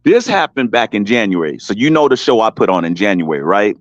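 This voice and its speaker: A man's voice: fairly low pitch, big pitch swings, brisk. A man in a heated casual talk on an online panel, emphatic and repetitive, calling listeners by name. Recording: dull dry stream audio.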